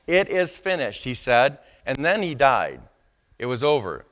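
A male pastor preaching a sermon, leaning on key words with slow, drawn-out stresses and asking the congregation for agreement. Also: on the high side, fairly bright tone. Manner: asks the congregation for response.

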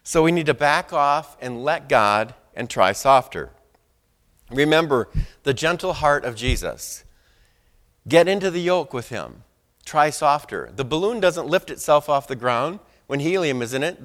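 A man's voice: fairly high pitch, very animated, measured pace, a bit bright. A middle-aged man preaching a sermon as pastor, talking conversationally, telling personal stories and often asking the congregation "Amen?". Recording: long hall reverb.

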